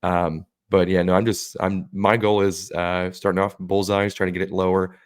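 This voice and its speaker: A man's voice: low-pitched, little pitch movement, normal speed, clean tone, no room sound, clean studio sound. A man co-hosting a podcast, telling a long rambling, profane bar story and acting out what others said. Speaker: podcast co-host. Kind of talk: casual storytelling chat.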